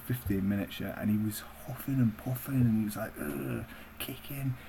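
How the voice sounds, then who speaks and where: A man's voice: fairly low pitch, warm tone, slight background noise, low-quality recording. Sweary young man ranting. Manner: blunt, sweary, conversational. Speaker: vlogger. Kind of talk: profane storytelling rant.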